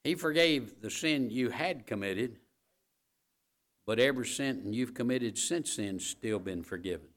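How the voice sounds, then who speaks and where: A man's voice: mid-range voice, lively intonation, a little slow, a bit bright. Emphatic male preacher, repeating key phrases. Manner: talks straight to the congregation with asides like "all right?". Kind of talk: sermon.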